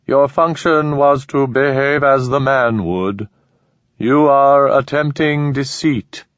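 Man doing a slow, cold alien voice. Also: mid-range voice, dry recording, voice pushed up, lightly acted. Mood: cold, formal. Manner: slow, measured and formal. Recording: slightly dull lo-fi recording.

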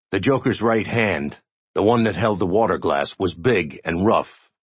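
A man reading a story aloud in a steady, expressive narration. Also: sits low, husky, no room sound, muffled recording. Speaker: audiobook narrator. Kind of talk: scripted narration.

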